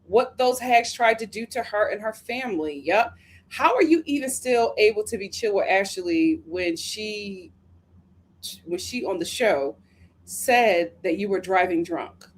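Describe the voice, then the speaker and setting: An American woman hosting a live review stream. She reads viewer comments aloud and answers them in slangy, chatty talk, laughing often and drifting into quick asides. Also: mid-range voice, animated, a little hiss or hum. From United States. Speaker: reality TV reviewer hosting a livestream. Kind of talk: casual livestream commentary reading viewer comments.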